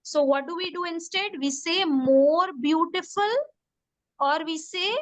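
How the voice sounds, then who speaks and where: A woman's voice: very high-pitched, a little slow, dry recording, rough recording. A woman teaching a grammar class, repeating words patiently and asking students to repeat after her. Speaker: English teacher.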